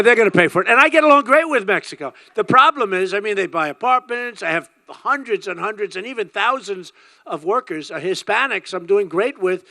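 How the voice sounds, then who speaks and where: Bright, high-pitched older man giving a speech. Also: lively intonation, a little fast, no room sound. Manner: emphatic, repetitive, rambling. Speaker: political candidate. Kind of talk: campaign rally speech.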